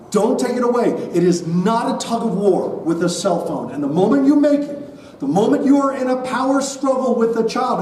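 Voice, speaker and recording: Man, forties, high-pitched voice, energetic speaker, audience call-and-response, distant, faint room noise. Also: roomy sound. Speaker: keynote speaker at a school parent night. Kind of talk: motivational talk to parents. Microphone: body-worn mic.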